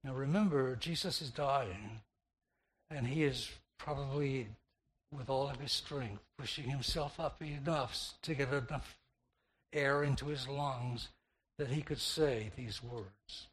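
A man preaching a slow, meditative sermon, repeating phrases and shifting the stress from word to word. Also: medium pitch.

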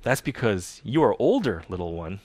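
A man reading aloud as a great, wise male lion, speaking slowly and tenderly in a low voice. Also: big pitch swings, darkish tone, no echo.

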